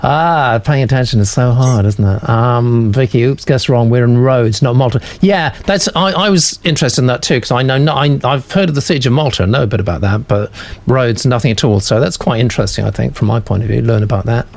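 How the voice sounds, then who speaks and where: A man's voice: mid-range voice, brisk, gravelly, darkish tone. A man hosting a casual chat, chatty and a little hesitant as he reads out listener comments. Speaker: host.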